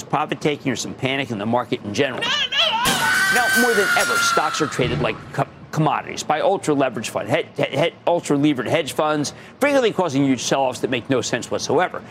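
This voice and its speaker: A man's voice: medium pitch, slight background noise. A middle-aged man hosting a finance TV show, talking in an emphatic, theatrical way with punchy delivery and sudden bursts of emphasis. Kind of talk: animated market commentary.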